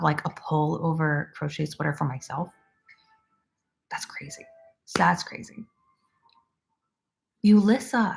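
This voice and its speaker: A woman in her twenties hosts a relaxed crochet livestream, chatting and reading viewer comments. Her voice sits low and carries a heavy, gravelly fry. She talks loosely and easily, with plenty of "like" and quick laughs. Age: 20s.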